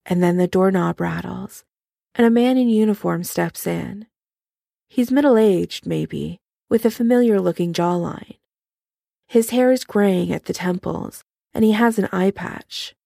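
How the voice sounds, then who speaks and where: Woman narrator, gravelly voice, dry close sound, measured storytelling. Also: on the low side, warm tone, dry recording. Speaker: audiobook narrator. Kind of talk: fan fiction audiobook narration.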